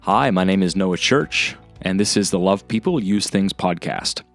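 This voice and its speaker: A man with an Australian accent putting on a plain American co-host's voice in a flat, mock-serious way. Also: low voice, moderate pace, faint music behind. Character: plain-spoken American male co-host, mild and flat.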